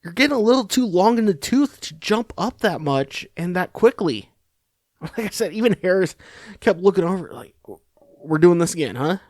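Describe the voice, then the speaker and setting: Rambling, sarcastic podcast host. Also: male voice, high-pitched, animated, normal speed, dry recording, clean studio sound. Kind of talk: casual political commentary.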